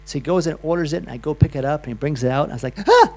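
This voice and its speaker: Chatty man with a gravelly voice. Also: a little high, rapid-fire, darkish tone. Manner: loose, chatty, with restarts and asides. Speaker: health speaker. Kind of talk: live talk to an audience.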